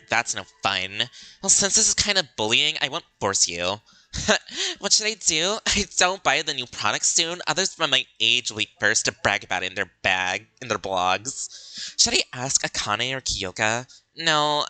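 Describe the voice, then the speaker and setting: A man's voice: mid-range voice, sharp tone, clear, resonant tone, dry recording, poor audio. A man voicing a pushy, money-grubbing teenage girl in a game, in a whiny, wheedling way. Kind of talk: reading game dialogue aloud.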